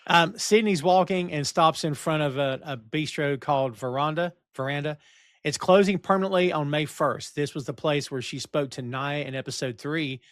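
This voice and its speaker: A man's voice: a little high, moderate pace, no room sound, clean studio sound. A man hosting a podcast, casually recapping scenes and plugging the channel. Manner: relaxed recapping, plugs the channel. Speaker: podcast host. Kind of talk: casual chat and episode recap.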